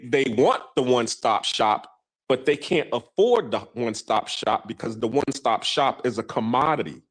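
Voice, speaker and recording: A man's voice: medium pitch, rough recording. Man telling stories with many fillers. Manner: rambling storytelling with many fillers. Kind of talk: casual discussion.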